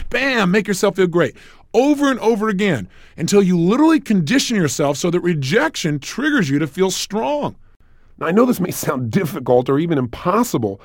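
A man's voice: sits high, no room sound, clean studio sound. A man giving a recorded self-help lecture as a motivational speaker, emphatic and repetitive, telling stories.

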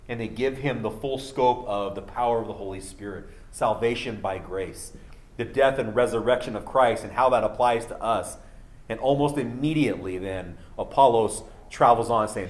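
A man's voice: medium pitch, normal speed. A man preaching a sermon, earnest and building to emphatic peaks, with a cough. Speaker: pastor.

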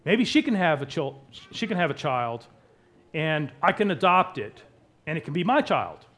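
A man's voice: medium pitch, expressive, unhurried. A man preacher voicing a desperate, envious young biblical wife in an urgent, pleading tone.

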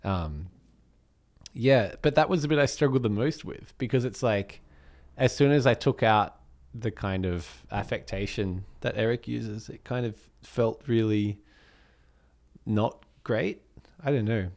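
Man, Australian accent, lowish voice, rambling casual podcast chat. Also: a little slow. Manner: rambling, relaxed, with fillers. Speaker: podcast co-host and musician.

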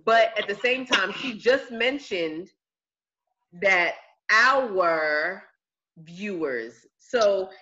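A chatty woman hosts a relaxed podcast, teasing her co-hosts and winding through long stories. Her voice sits at a middle pitch. The recording is a bit dull and lo-fi. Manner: chatty, teasing, drawn-out storytelling. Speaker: podcast host. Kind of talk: casual podcast chat. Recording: slightly dull lo-fi sound.

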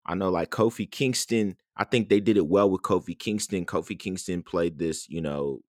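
A man co-hosting a podcast in casual chat, ranting in an animated, exasperated way with many restarts. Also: deep voice, moderate pace, no echo, clean studio sound. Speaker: podcast co-host.

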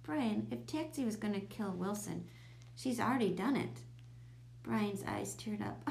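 A woman's voice: medium pitch, normal speed, gravelly, dark tone. A woman reading a children's chapter book aloud, raising her voice for the children's lines. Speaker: storybook reader. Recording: echoey room with faint hum.

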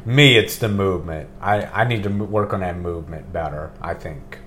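A middle-aged man hosting a casual podcast, talking in a relaxed, rambling way and swearing now and then. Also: deep voice, moderate pace. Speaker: podcast host. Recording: faint background hiss.

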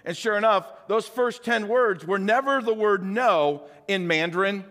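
An older man preaching a sermon as a pastor, talking conversationally with animated rhetorical questions. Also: high-pitched, measured pace, big-room sound.

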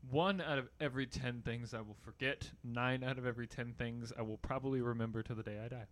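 A young man in casual chat, telling stories in an animated way and swearing freely, his voice climbing and getting loud when he rants. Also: fast talker. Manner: animated storyteller, swears, gets loud and high when ranting.

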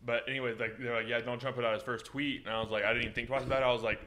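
A man's voice: mid-range voice, flat delivery, rapid-fire, sharp tone. A man co-hosting a podcast, retelling stories in casual chat, full of "like" and "he's like.".

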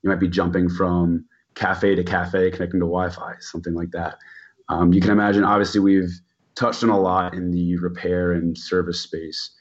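A man's voice: deep voice, level tone, normal speed, dull audio. A man guest explaining a technical topic, filling his sentences with "um" and "you know". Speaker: expert guest.

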